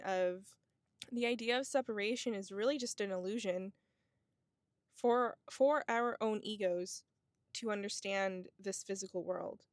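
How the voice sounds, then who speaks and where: Clean studio audio with no room sound captures a medium-pitched voice. The speaker, a vlogger in her twenties, delivers a laid-back, reflective monologue to camera, her spiritual musings packed with "like" and "you know."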